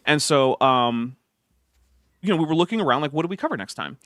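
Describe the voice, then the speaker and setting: A man hosting a casual livestream chat, talking in a relaxed way with lots of uhs and restarts. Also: fairly high pitch, fairly quick, dry recording, clean studio sound. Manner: relaxed, filler-heavy talk with frequent uhs and restarts. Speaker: host.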